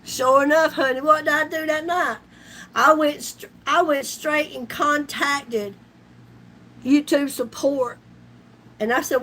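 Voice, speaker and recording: A woman's voice: high voice, measured pace, long pauses, a little hiss or hum. A middle-aged woman, chatting on a live stream with folksy slang and frequent laughter. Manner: laughs often, folksy and loud, down-home slang. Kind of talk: casual live-stream chat.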